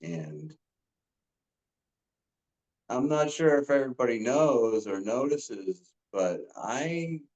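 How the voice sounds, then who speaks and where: A man giving a casual testimonial as a coaching client, earnest and halting, with frequent ums and restarts. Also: mid-range voice, sing-song, darkish tone, highs cut off.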